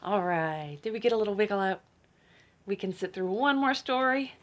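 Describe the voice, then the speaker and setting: A woman librarian reading a picture book aloud to children, playful and teasing, with dramatic gasps and hushed asides. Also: medium pitch, animated, moderate pace.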